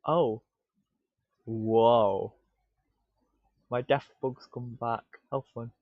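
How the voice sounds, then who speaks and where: A man streaming live, muttering to himself in excitable bursts with stammered restarts, on dull lo-fi stream audio. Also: medium pitch, drawn-out words, dry recording. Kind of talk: casual live-stream self-talk.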